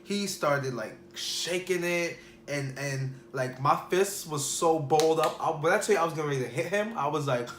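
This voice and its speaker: Chatty man with a high voice. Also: normal speed, a bit bright, slight background noise. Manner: rambling, filler-heavy, restarts. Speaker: vlogger. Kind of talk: casual storytelling to camera. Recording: echoey room.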